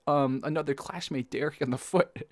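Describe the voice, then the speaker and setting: Young male vlogger, animated storyteller, slightly high voice, dry close sound, outdoors. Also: normal speed, no room sound. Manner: animated, acts out quoted lines. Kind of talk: casual storytelling to camera. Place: outdoors in sunlight.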